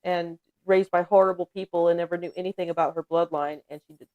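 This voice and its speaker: A woman's voice: lowish voice, fairly even intonation, fast, narrow, tinny audio. A woman from the United States hosting a casual livestream chat, talking freely, laughing often and reading viewers' comments aloud. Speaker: livestream host.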